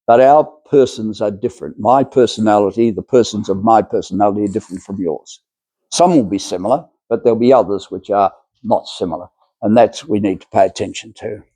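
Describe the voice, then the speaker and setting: Mellow-voiced man giving a rambling lecture. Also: lowish voice, a little fast, slightly rough, no room sound. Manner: rambling, hesitant, many fillers and restarts. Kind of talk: spiritual lecture.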